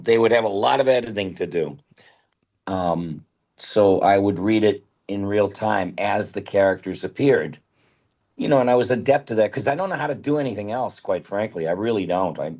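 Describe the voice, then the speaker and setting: A man's voice: on the low side, darkish tone. Older man, candid rambling talker. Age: 70s. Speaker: guest voice actor. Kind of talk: casual interview chat.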